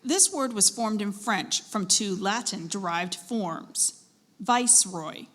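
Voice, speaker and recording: Spelling bee pronouncer, woman; measured and encouraging, bright tone, reverberant hall. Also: mid-range voice. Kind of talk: pronouncing and defining words for contestants. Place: school event hall. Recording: echoey hall with long reverb.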